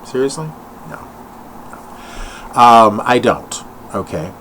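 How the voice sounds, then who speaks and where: Rambling self-mocking older man, very lively pitch. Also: slow, a little hiss or hum, rough recording. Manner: rambling, tangent-prone, self-mocking, with sudden sung and mock-voiced asides. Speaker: solo comedic vlogger. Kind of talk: improvised comic monologue. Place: home.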